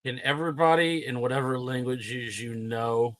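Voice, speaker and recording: A man's voice: mid-range voice, flat delivery, moderate pace. A man playing a tabletop game, blunt and bossy, swearing freely. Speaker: player. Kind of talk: casual tabletop game play.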